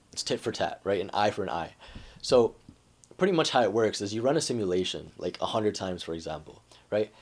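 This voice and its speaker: A man's voice: on the low side, darkish tone, slightly rough. A man talking casually to camera and explaining persuasion ideas. He keeps checking in with "right?" and fills his talk with "like.". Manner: conversational, says "right?" and "like" often. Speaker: self-help vlogger.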